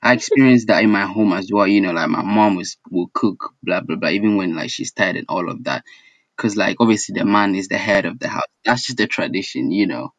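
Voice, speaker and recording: A man's voice: low voice, brisk, a bit bright, dry recording, lo-fi sound. A man who is a podcast guest, chatting in an easygoing and agreeable way. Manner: easygoing, agreeable, with frequent short affirmations. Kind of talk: casual chat.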